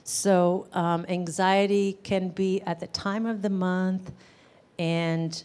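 Woman, class teacher, low-pitched, conversational, full of "um" and "right?". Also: steady tone, takes it slowly, darkish tone, clean tone. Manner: conversational, questions to the audience, many "um"s and "right?". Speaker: gestalt therapy teacher. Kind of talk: live class lecture.

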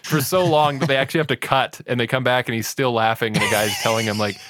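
A man's voice: medium pitch, steady tone, quick pace, fairly bright tone, no room sound, studio quality. A man co-hosting a podcast, laid-back as he recaps scenes from a show. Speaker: podcast co-host. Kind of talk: casual chat.

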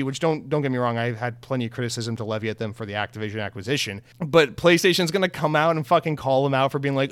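A man's voice: mid-range voice, fairly even intonation, fast talker, fairly bright tone, clean tone, dry recording. A young man giving casual, heated gaming news commentary, swearing freely and mocking companies in sarcastic voices.

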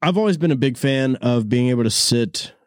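A man's voice: medium pitch, animated, brisk, no echo, clean studio sound. A man hosting a podcast who tells casual, rambling stories and swears freely. He laughs often and calls people "dude" in a laid-back way. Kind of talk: casual storytelling chat. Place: studio room. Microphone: studio mic with cord.

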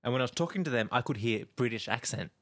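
A young man with an Australian accent chats easily as a podcast co-host, trailing into long stories with fillers. His voice sits at a middle pitch and sounds close and dry, with no room around it. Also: animated, fast talker, no room sound. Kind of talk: casual chat.

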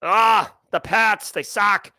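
A man putting on a brash, chatty Boston local with a thick Boston accent, talking in loud, rapid-fire banter. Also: high-pitched, no echo, clean studio sound, heavily acted.

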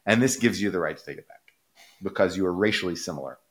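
A man's voice: sits low, fast talker. A man co-hosting a casual podcast discussion, arguing animatedly and often checking in with "right?". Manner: animated, rhetorical, keeps asking "right?". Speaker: podcast co-host.

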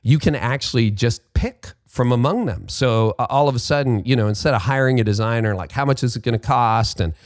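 A man's voice: medium pitch, brisk, hardly any pauses, no echo, clean studio sound. A man hosting a podcast, reading an ad and interviewing a guest in an upbeat, chatty way with casual fillers. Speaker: podcast host.

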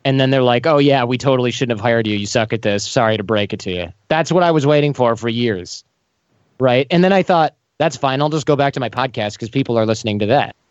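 A man in an interview, telling lively stories and acting out the voices of the people in them. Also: medium pitch, quick pace, clear, resonant tone, no room sound, lo-fi sound. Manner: animated, acts out quoted voices. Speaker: podcast host as guest. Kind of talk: casual storytelling interview.

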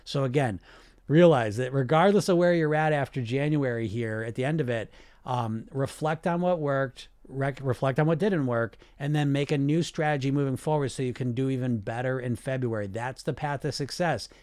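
A man's voice: mid-range voice, fairly quick, a little mellow, clear, resonant tone, no room sound, studio quality. A man hosting a weight-loss coaching show, talking energetically and straight to his listeners, often repeating himself. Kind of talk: casual live coaching talk.

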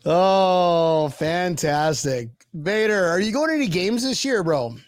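Excitable man with a raised voice. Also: high-pitched, no room sound, studio quality. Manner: excitable, laughs often, boastful banter. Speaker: host. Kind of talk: casual chat. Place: Miami area.

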